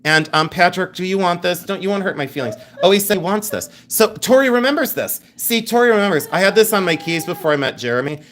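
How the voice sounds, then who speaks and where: A woman's voice: fairly low pitch, animated, quick pace, hardly any pauses, a bit bright. A middle-aged woman hosting a live jewelry sale in a chatty, joking way, laughing often. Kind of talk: live-stream sales chat.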